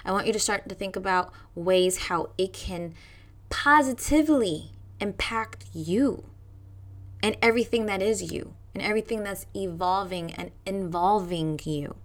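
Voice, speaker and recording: A woman's voice: medium pitch, measured pace. Emphatic woman giving a motivational talk. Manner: emphatic, repeats phrases for stress. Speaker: podcast host. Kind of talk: motivational self-help talk.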